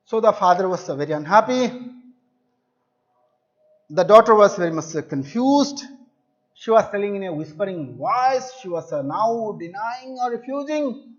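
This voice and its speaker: A male English teacher explaining a story to his students, repeating and restating words to make the meaning clear. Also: sits high, animated, normal speed, long pauses. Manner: addresses listeners as dear children. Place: home or classroom video lesson. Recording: dull lo-fi recording.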